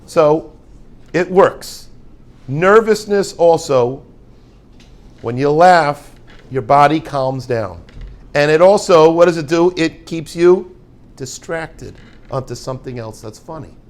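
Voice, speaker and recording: A man's voice: fairly high pitch, expressive, takes it slowly, pauses often. A man, a rabbi heading a yeshiva, giving an informal talk with rambling jokes and Yiddish words.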